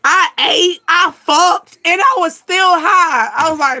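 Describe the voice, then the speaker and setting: A woman hosting her channel in loose, slangy chat. Her voice sits high and bright, and she keeps an unhurried pace, breaking into laughter again and again. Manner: animated, laughing often, slangy. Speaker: channel host. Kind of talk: casual chat.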